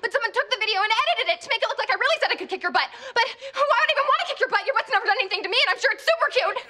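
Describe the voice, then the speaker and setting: A woman's voice: very high-pitched, lively intonation, rapid-fire, sharp tone, heavily acted. An actress playing a teenage girl web show star who rambles nervously and jokes her way through worry, in a sitcom. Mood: flustered. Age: teens. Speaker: teen web show host. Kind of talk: sitcom acting.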